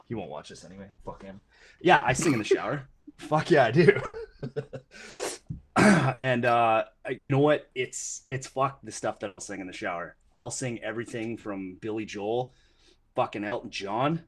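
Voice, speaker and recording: A man from Canada chats as a podcast guest, swearing freely and rambling through crude, self-mocking jokes. His voice sits at an average pitch. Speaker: guest musician. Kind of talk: crude joking podcast chat.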